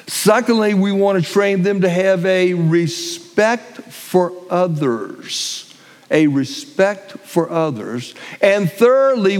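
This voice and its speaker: A middle-aged man preaching a sermon as pastor, stressing key phrases and repeating them slowly. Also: sits high. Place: church sanctuary. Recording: long hall reverb.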